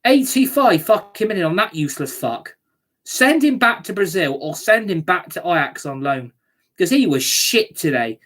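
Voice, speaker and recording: A woman's voice: on the low side, big pitch swings, normal speed, fairly bright tone. A woman ranting angrily as a football fan reacting to a match, sweary and scornful.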